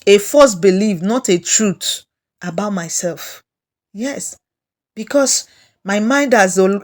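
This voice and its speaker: A woman with a Nigerian English accent giving a slow, repetitive self-help lesson, coaching listeners through their feelings. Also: medium pitch.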